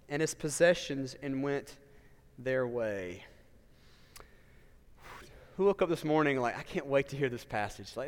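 A man's voice: fairly high pitch, clean tone, in a large hall. A male pastor, preaching a sermon in a conversational way, with asides and rhetorical questions.

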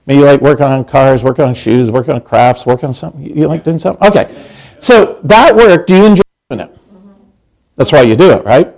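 A man's voice: medium pitch, lively intonation, brisk, darkish tone, rough recording. A middle-aged male pastor preaching a conversational sermon, chatty, with many restarts and questions to the congregation.

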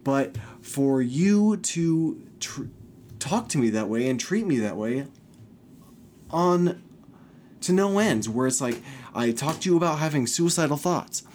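A man's voice: fairly high pitch, animated, moderate pace, pauses often, a little mellow, a little hiss or hum. A young man hosting a podcast, talking openly and angrily about family troubles, swearing often. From California. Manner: frustrated, ranting, swears often, mimics his mother. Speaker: podcast host. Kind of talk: personal monologue.

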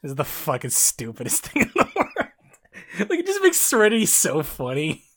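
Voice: medium pitch, wildly swooping pitch, moderate pace, a bit bright. A speaker with a Southern Ontario Canadian accent, chatting casually as a podcast co-host, rambling, swearing and often breaking into laughter. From Canada, Southern Ontario near Toronto. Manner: rambling, profane, lots of laughter and restarts. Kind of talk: casual chat.

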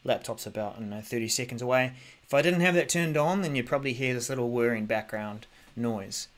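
A man's voice: medium pitch, a little fast. Male podcast host, easygoing tech rundown into a desk mic, loose and full of ums. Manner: chatty, many ums and restarts, thinks aloud. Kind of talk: casual tech news commentary.

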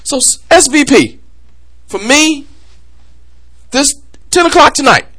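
A man's voice: very high voice, takes it slowly. A man hosting a podcast, delivering a heated, comedic rant about sports coverage with lots of energy. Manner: animated, heated ranting. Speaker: podcast host.

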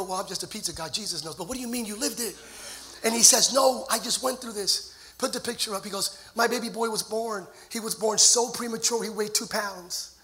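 A man in his forties, a pastor preaching a sermon to his church, telling a story and building to shouted climaxes. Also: high voice. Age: 40s. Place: church sanctuary.

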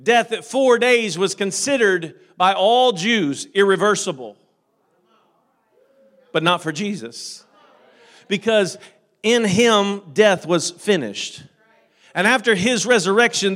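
A man with a high voice preaching to a congregation. He tells stories quietly, stumbling and repeating words, then rises to loud, fervent calls. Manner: repeats words and restarts often while telling stories. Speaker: pastor. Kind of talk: sermon.

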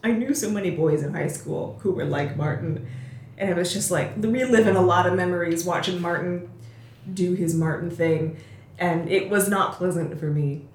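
Young female co-host, casual and rambling, slightly low pitch; roomy echo on the recording. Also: moderate pace, darkish tone. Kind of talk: casual film discussion. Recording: echoey room.

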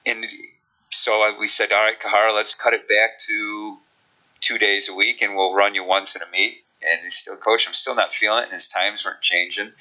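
A sprint coach with a Chicago accent, explaining training in a relaxed podcast interview, with many ums. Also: male voice, lowish voice, moderate pace, highs cut off.

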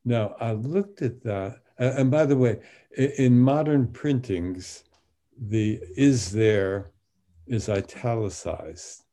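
Slow, mellow-voiced older man, halting. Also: mid-range voice. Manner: halting, many fillers and restarts. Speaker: guest translator of biblical poetry. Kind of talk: podcast interview.

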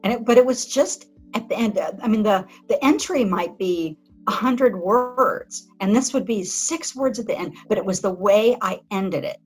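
A woman author being interviewed, talking in a reflective, halting way with frequent restarts. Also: medium pitch, a little mellow, husky, soft background music, low-quality recording. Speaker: author and guest. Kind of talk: conversational interview.

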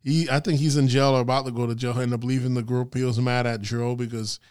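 Male podcast co-host, casual chat, smooth resonant voice, dry sound, laughs often. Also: mid-range voice, fast talker, dry recording. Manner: animated, laughs often, swears freely.

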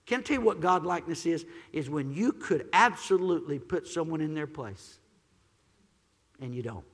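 A man preaching a sermon as pastor, swinging from shouted praise to quiet, gentle teaching. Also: fairly high pitch, animated, fairly quick, long reverb tail.

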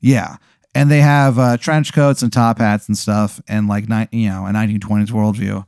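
A man's voice: on the low side, steady tone, normal speed, gravelly, darkish tone, no room sound, clean studio sound. A man telling a rambling, swearing story in casual chat as a comedy podcast host.

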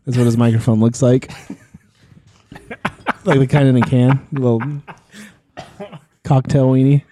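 A man co-hosting a casual podcast, teasing and joking in a relaxed way. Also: medium pitch, unhurried. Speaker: podcast co-host. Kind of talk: casual chat.

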